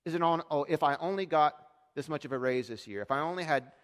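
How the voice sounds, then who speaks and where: A man in his thirties preaching a sermon as pastor, getting loud and high on quoted lines and dropping quiet for asides. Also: fast. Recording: long reverb of a large hall.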